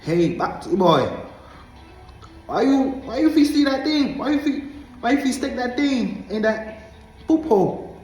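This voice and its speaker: A taunting male inner voice in a put-on Jamaican accent, as a man does a voice, pitched far above his own and pushing louder. The questions come repeated and needling. It sounds like an echoey room with faint music underneath. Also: sing-song, a little slow, pauses often, exaggerated voice. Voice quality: high, squeaky put-on voice.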